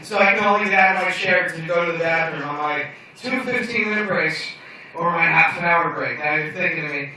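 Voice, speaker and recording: A man's voice: on the high side, a little fast, sharp tone, slight background noise. A young man doing a stand-up comedy set in a bar lounge, telling stories in a brash, profane, self-mocking way. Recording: echoey bar room from far off.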